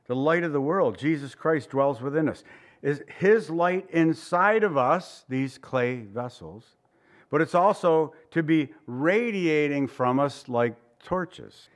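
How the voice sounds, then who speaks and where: A middle-aged man preaching a sermon, animated, often dropping to soft asides. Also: on the high side. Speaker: pastor.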